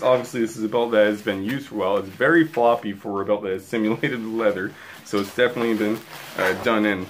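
Excitable young man unboxing on camera. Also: on the low side, background noise. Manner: excitable, rambling, talks to viewers. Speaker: wrestling belt collector vlogger. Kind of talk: casual unboxing vlog.

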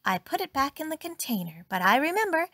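A woman's voice: high-pitched, very animated, brisk, a bit bright, no echo, clean studio sound, voice pushed up, exaggerated voice. A woman voicing a cheerful, literal-minded maid in a storybook reading, eager and innocent.

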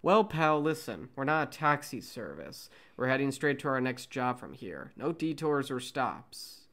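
A man reading a gruff male ship captain, a former politician, who speaks bluntly and matter-of-factly in a fan script reading. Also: medium pitch, sing-song, unhurried, a bit bright.

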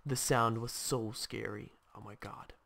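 Slow, gravelly man commenting on gameplay. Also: lowish voice. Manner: attempting a put-on English accent; reacts aloud to gameplay, chatty and excitable. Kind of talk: casual let's-play commentary.

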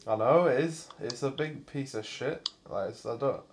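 Guy moaning and swearing at a video game, mid pitch, bit of hiss in the background. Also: normal speed. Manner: sweary, exasperated banter. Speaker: gaming channel host. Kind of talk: casual gameplay chat.

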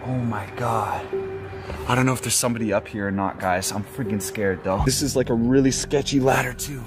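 A man's voice: medium pitch, brisk, over music. A young man hosting a staged horror vlog, frightened and swearing as he talks to his viewers. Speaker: vlogger.

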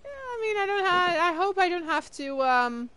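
A young woman streaming a game, chatting casually with viewers, tired and yawning, with excited bursts of greeting. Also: very high voice, moderate pace, a little hiss or hum. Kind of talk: casual live-stream chat.

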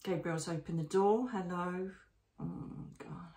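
A woman, a psychic medium narrating her visions live in a hushed, emotional, often slow and breathy way. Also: lowish voice, roomy sound. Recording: voice distant from the mic.

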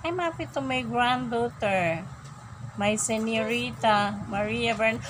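A woman's voice: fairly high pitch, measured pace, fairly bright tone, a little hiss or hum, rough recording. An older woman, a grandmother talking to her granddaughter at bedtime in a casual home vlog, coaxing, repeating herself and laughing often. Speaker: grandmother vlogger. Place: bedroom at home.

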